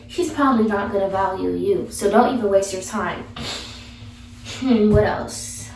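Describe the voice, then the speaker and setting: A woman's voice: on the high side, slight background noise. A young woman vlogger giving blunt, sassy advice in a casual, chatty way. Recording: echoey room, mic far off.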